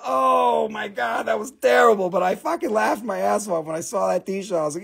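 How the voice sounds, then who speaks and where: A man runs a live mineral sale, cracking jokes and swearing as he rambles. His voice sits high with a gravelly fry. He comes across as a self-mocking jokester. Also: moderate pace, hardly any pauses, fairly bright tone. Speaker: live-stream mineral seller. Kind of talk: joking live sales banter.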